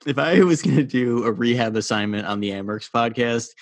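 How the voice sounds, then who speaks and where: A man's voice: medium pitch, fairly quick, no echo. A man co-hosting a casual sports podcast, wry and self-deprecating, stammering on restarts. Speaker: podcast co-host.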